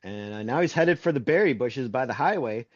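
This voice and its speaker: A man's voice: mid-range voice, lively intonation, a little fast. A man co-hosting a casual comic book review podcast, laughing often as he retells the story. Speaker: podcast co-host. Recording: dull, lo-fi, dry sound.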